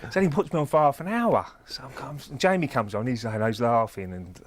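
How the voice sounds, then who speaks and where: A former footballer telling a relaxed, laughing story in casual chat. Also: male voice, mid-range voice, fairly quick, slight background noise. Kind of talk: casual anecdote on a chat show.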